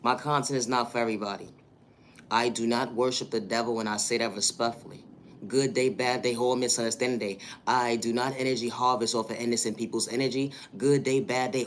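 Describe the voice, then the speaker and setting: A man hosting a livestream and speaking a motivational monologue, with affirming lines and repeated catchphrases. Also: medium pitch. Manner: repetitive, affirming, rhythmic catchphrases. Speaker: livestream host.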